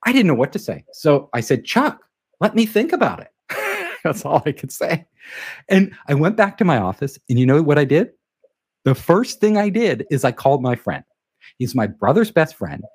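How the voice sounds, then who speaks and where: A man telling an anecdote in a casual interview, animated and acting out the quoted dialogue. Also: on the high side, moderate pace, husky. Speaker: guest telling a career story.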